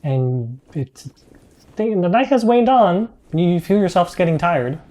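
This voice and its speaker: A man's voice: high-pitched, lively intonation, unhurried, mellow. A man running a streamed tabletop game as game master, talking casually with lots of fillers and hesitations.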